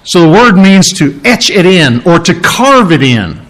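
A man's voice: sits high, very animated, measured pace, fairly bright tone. A man preaching a sermon, teaching through a Bible passage with emphatic, repeating phrases. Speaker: pastor.

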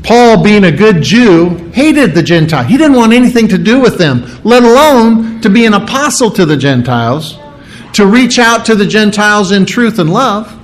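Male preacher, slightly high voice, teaching sermon that unpacks key words with firm emphasis. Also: big pitch swings, moderate pace, low-quality recording. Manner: explains word meanings step by step, restarts and stresses key words. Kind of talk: expository sermon.

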